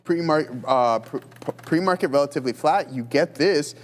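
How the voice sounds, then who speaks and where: Excitable man calling live trades. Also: on the high side, moderate pace. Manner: excitable, joking, thinks aloud with restarts. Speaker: livestream trading host. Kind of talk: live trading commentary.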